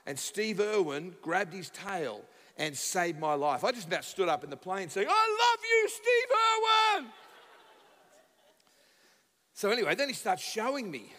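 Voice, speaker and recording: Australian male guest preacher, high bright voice, animated storyteller, reverberant church hall. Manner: animated, acts out dialogue, bursts into shouts. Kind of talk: humorous sermon storytelling. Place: church sanctuary.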